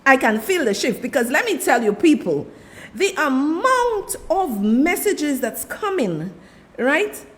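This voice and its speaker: A woman's voice: high voice, big pitch swings, takes it slowly. A woman with a Saint Lucian accent hosting a political talk show, delivering impassioned commentary and talking straight to her audience. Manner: impassioned, repeats "let me tell you", addresses the audience as "people".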